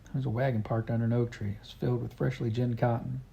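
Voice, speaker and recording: A man's voice: mid-range voice, little pitch movement, fast, creaky, mellow, highs cut off. A man narrating a storybook in an earnest first-person way. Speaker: audiobook reader.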